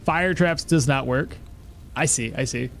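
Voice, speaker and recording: A man's voice: mid-range voice, unhurried, gravelly, a little hiss or hum. A man chatting casually on a live stream, talking to himself and answering chat while he plays. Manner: chatty, talks to himself and reads chat aloud. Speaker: game streamer.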